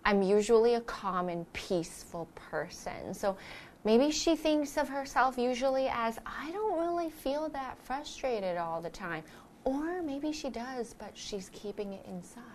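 A woman's voice: on the high side, lively intonation, unhurried, a little mellow, a little hiss or hum. A woman co-hosting an English lesson, explaining casually and chiming in with short, friendly comments. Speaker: English teacher co-host.

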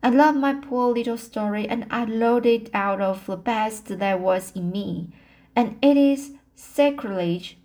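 A woman reading the lines of a dramatic, sensitive young woman student, slowly and haltingly with repeated words. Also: fairly high pitch, darkish tone, natural voice. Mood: distressed.

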